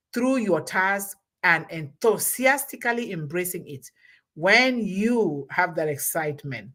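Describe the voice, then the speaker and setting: A woman host delivering a motivational talk with an emphatic, preacher-like push. She repeats her points and urges her listeners on, at a medium pitch for a woman. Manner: emphatic, repetitive, preacher-like exhortation.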